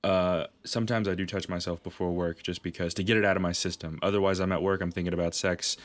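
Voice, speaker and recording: A man with a fairly low voice tells long, rambling stories on a casual podcast. He swears freely and laughs at his own tales. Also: flat delivery, fast. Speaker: podcast co-host. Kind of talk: casual storytelling chat.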